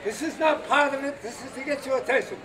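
A man performing at a renaissance faire, telling a joke to a live crowd in an animated, audience-addressing way. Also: very high voice, fast talker. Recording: echoey open air from far mic, noisy.

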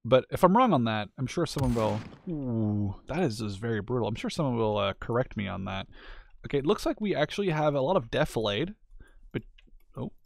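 A man's voice: medium pitch, expressive, fairly quick, gravelly. A man giving casual, rambling gameplay commentary, mildly ranting and full of fillers as he plays.

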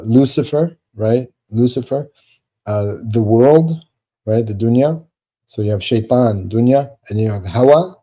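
A man's voice: medium pitch, warm tone. A man giving a reflective religious lesson. He talks earnestly, repeats himself, keeps asking "right?", and weaves Arabic phrases into his English. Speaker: religious teacher.

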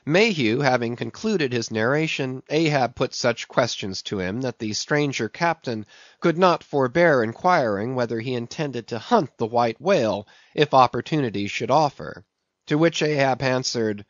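A man narrating an audiobook in a measured, steady reading voice. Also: medium pitch, no echo. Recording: dull, dry recording.

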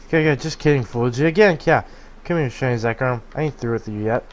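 A man voicing a smug, fashion-proud male duck creature who loves pranks and teases fast, reading game dialogue aloud. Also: mid-range voice, highs cut off, close to an everyday voice. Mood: teasing. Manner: fast, smug teasing with cackling laugh.

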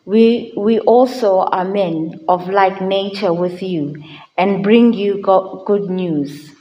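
A woman reads scripture aloud as lector during a Mass in a chapel. Her delivery is slow and measured, with a mid-range voice and the odd small slip. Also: medium pitch, lo-fi sound, slight background noise. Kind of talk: liturgical scripture reading.

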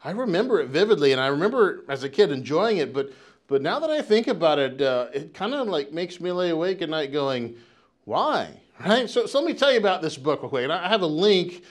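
American pastor guy, middle-aged, kinda high voice, rambly sermon with lots of restarts and "right?". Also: sing-song, fairly quick. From United States. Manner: conversational, rambling with many restarts and "right?" tags.

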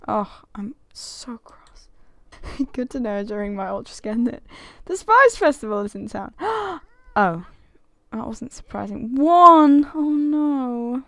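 A woman's voice: sits high, no room sound, clean studio sound. A young woman giving casual, giggly commentary over a life-simulation game she plays, gasping and exclaiming often. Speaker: gaming video creator. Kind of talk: casual let's-play commentary.

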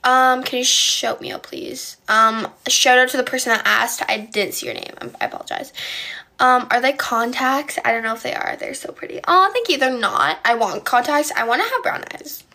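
Young woman, from Poland, live stream chat, bright tone, stuttering, valley-girl talk, phone mic. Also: sits high, moderate pace. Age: young adult. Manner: stutters and restarts often. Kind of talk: casual live stream chat, answering comments.

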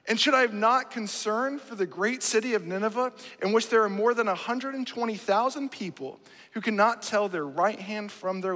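Guy preaching in church, pretty high voice, lots of "right?" to the crowd, big echoey hall. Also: a bit bright. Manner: emphatic, keeps asking the congregation "right?". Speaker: pastor. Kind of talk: sermon. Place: church sanctuary. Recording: long church hall reverb.

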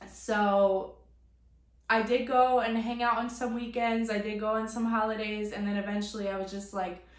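A woman's voice: mid-range voice, level tone, normal speed. A young adult woman telling a personal story to her vlog audience in a casual, chatty way, full of "like" fillers. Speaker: vlogger. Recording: echoey room.

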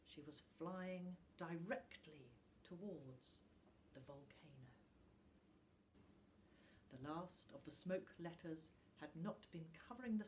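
Slow, expressive woman reading a children's story, faint hiss behind. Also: on the low side.

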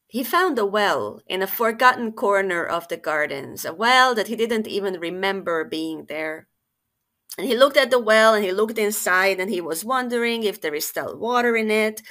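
Bright, expressive woman storyteller. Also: medium pitch. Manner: expressive, conversational. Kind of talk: fairytale storytelling podcast.

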